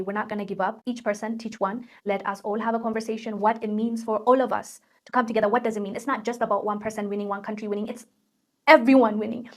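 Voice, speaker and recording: A woman hosting a commentary video, talking earnestly and directly to her viewers, rallying them toward unity. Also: medium pitch. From outside South Africa, African. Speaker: host. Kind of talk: commentary on social media clips.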